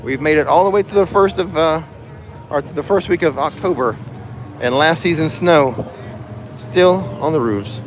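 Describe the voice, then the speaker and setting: A man's voice: fairly high pitch, moderate pace. A man hosting a casual livestream while walking through a theme park, joking and laughing at his own jokes. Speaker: livestream host. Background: music and crowd in the background.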